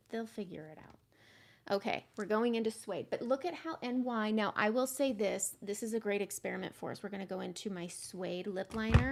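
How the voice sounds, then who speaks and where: A woman's voice: mid-range voice, vocal fry, darkish tone, slight background noise. A middle-aged woman hosting a casual live makeup tutorial, chatting and explaining each step as she goes. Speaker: makeup livestream host.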